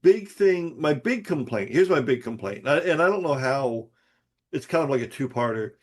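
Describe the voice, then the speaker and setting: A man's voice: mid-range voice, lively intonation, moderate pace, a little mellow. A man co-hosting a podcast, talking about a movie in a hesitant, agreeable way with many restarts. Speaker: podcast co-host. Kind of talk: casual movie chat.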